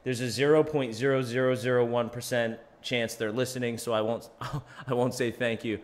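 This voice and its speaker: A man's voice: mid-range voice, steady tone, moderate pace. A man hosting his own podcast in a rambling, self-deprecating, chatty monologue. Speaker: podcast host.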